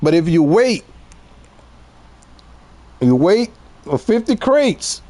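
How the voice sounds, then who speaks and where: His voice is high and dark, swinging widely in pitch as he takes things slowly. He's a Southern-accented man in his forties from Louisiana, casually talking to chat while gaming, relaxed and quick to laugh.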